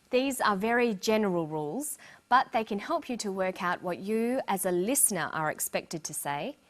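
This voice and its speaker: A woman narrating a scripted English lesson with slow, clear explanations. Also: mid-range voice. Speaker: English teacher.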